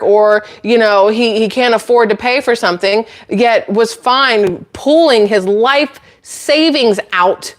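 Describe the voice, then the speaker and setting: A woman hosting her own channel, ranting to camera in a blunt, sarcastic, incredulous way with exasperated laughs. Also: on the high side. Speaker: channel host.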